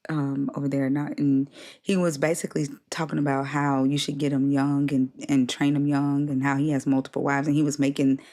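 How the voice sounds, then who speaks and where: A woman hosting a casual conversation, speaking plainly and directly. Her voice is low for a woman. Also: little pitch movement, fairly quick, dark tone. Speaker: host. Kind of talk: casual chat.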